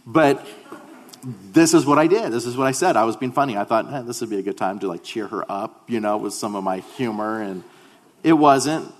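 A man's voice: mid-range voice, in a large hall. A male pastor giving a sermon, telling a personal story in a humorous, conversational way.

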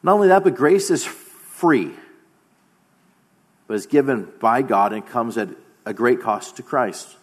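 A man in his thirties preaching a sermon as pastor, earnest, often slowing down and dropping to a quiet voice for emphasis. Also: medium pitch, animated. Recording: long hall reverb.

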